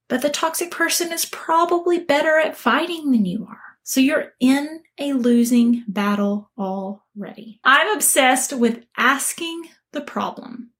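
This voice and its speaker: Earnest woman giving advice, slightly high voice. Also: animated, a little slow, hardly any pauses, fairly bright tone. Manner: earnest, emphatic, acts out quoted voices. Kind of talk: motivational talk to camera.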